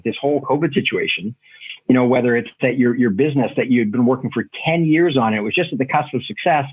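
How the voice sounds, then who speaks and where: A man's voice: mid-range voice, slightly rough. A man talking as a podcast guest, earnest and reflective, explaining his ideas through everyday examples and stories. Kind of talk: reflective conversational storytelling. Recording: tinny phone-like line.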